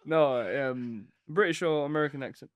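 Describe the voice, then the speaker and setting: A man co-hosting a casual podcast chat, asking short questions and chiming in with quick agreement. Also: medium pitch. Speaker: podcast co-host.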